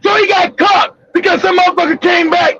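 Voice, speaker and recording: A man telling a profane, animated story in a loud, casual way, often laughing. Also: very high voice, fairly quick, slight background noise. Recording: dull lo-fi recording.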